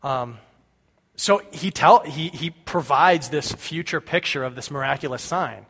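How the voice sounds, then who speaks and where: A pastor delivers a conversational sermon under long hall reverb, speaking casually and repeatedly checking in with his listeners with "right?". His voice sits on the high side and is a little slow, gravelly, slightly rough and somewhat bright.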